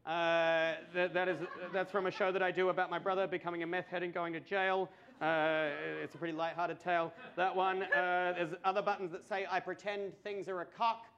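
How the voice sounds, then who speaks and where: High-voiced Australian man telling a stand-up story. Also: level tone, a little fast, hardly any pauses, dull audio. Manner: profane, stammering restarts, builds to loud punchlines. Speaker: stand-up comedian. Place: comedy club stage before a laughing audience.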